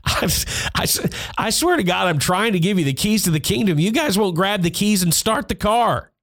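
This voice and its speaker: A man's voice: high voice, animated, moderate pace, a bit bright. Blunt, emphatic man lecturing. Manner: blunt, emphatic and repetitive, swears. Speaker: music industry podcast host. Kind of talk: instructional podcast monologue. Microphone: podcast mic.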